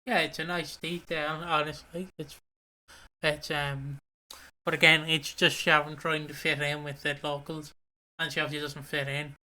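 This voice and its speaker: A man's voice: on the high side, pushed and bright. A man co-hosting a casual podcast, rambling, swearing and laughing often. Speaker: co-host.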